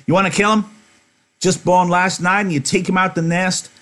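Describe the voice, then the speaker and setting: A man's voice: high voice, little pitch movement, moderate pace, a bit bright, pitched above the performer's own voice. A man reading aloud as a stern, protective ranch worker who talks firmly. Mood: scolding. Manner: firm, scolding.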